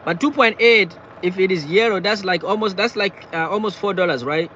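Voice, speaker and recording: Man, live-stream chat, halting, repeats himself, sitting in a car, faint background noise. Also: sits high, bright, forceful tone, highs cut off. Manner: halting, repeats words and phrases often. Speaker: livestreamer reading viewer chat. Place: in or beside a parked car.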